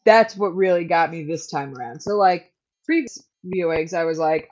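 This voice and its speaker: A woman's voice: on the low side, normal speed, a little mellow. Chatty woman recapping, dull lo-fi sound. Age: adult. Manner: chatty and joking, laughs often. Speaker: podcast co-host recapping a TV episode. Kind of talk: casual chat. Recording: dull lo-fi recording.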